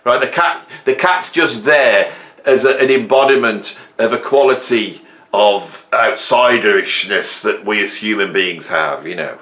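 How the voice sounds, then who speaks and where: Bright-voiced man telling funny stories. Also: fairly low pitch, measured pace. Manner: rambling, humorous, animated storytelling. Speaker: host. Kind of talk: casual monologue. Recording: roomy echo.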